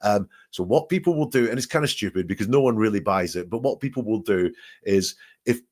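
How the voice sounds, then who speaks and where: A man's voice: on the low side, lively intonation, fairly quick, a little mellow. A man working as a statement analysis expert, reading quoted testimony aloud and picking apart the word choices in analytical commentary.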